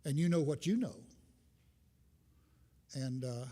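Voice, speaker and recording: An older visiting minister gives an informal, folksy sermon, wandering between thoughts with self-deprecating humor. His mellow, expressive voice is a little high for a man and slow-paced, ringing with long reverb through a church sanctuary.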